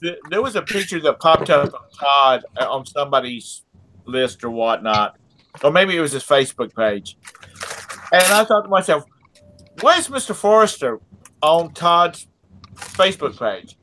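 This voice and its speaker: A man's voice: fairly high pitch, expressive, normal speed, sharp tone, a little hiss or hum. A middle-aged man joking and rambling with fillers in a casual group chat.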